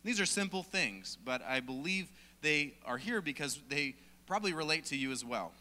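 A male preacher talks in a conversational way, with a light joking touch. His voice is very bright and a little high. It is heard with the long reverb of a hall. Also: expressive, normal speed. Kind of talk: sermon.

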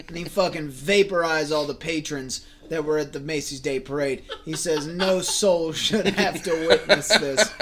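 A man improvising a violent absurd comedy story on a podcast, swearing constantly. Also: a little high. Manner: profane, heavy swearing, deadpan escalation. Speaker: podcast guest.

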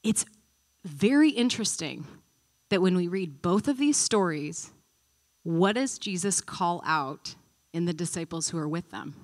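A woman's voice: on the low side, measured pace. A woman teaching a Bible study in a conversational, thinking-aloud way, acting out the stories she tells. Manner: animated storyteller, acting out quotes.

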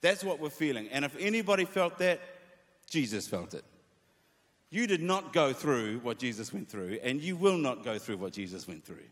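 Animated preacher in a reverberant hall. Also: male voice, medium pitch, normal speed. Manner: animated preaching, reads scripture aloud with feeling. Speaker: pastor. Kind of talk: sermon to worship leaders.

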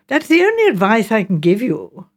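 A curt, practical gentleman, clipped and a little impatient, read by a woman. His lines come with lively ups and downs. This is a storybook voice. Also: on the high side, moderate pace. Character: impatient, reasonable London gentleman, the story's narrator.

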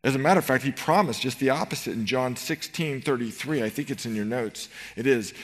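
Animated preaching man. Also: mid-range voice, fairly quick, hardly any pauses. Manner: animated, rhetorical, shifts between loud emphasis and quiet tenderness. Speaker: pastor. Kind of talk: sermon. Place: church sanctuary.

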